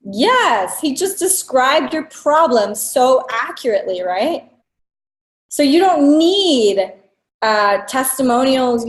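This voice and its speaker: A woman's voice: a little high, echoey room, poor audio. Blunt, swearing woman business coach. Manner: blunt, swears freely, fast asides. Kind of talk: casual coaching talk to students.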